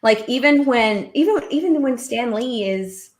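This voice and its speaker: A woman co-hosting a casual pop culture stream, rambling and restarting her sentences as she gets animated about a gripe. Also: fairly high pitch, measured pace. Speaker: co-host.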